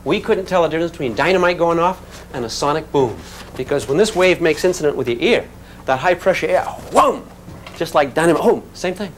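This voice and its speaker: A man teaching a physics class in an animated, folksy way, calling students "gang". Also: on the high side, fast, slight background noise. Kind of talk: classroom lecture.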